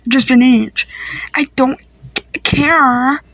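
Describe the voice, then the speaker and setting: High-voiced playful woman, slangy skit. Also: steady tone, drawn-out words, a bit bright. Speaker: creator voicing a family skit. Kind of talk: improvised comedy skit with several voices.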